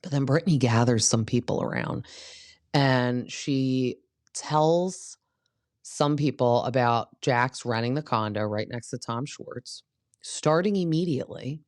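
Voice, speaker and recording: A woman's voice: rumbling low, unhurried, darkish tone, no room sound, studio quality. Chatty woman dishing reality TV gossip. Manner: chatty and gossipy, acting out quotes from cast members. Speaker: podcast host. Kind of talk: casual reality TV recap.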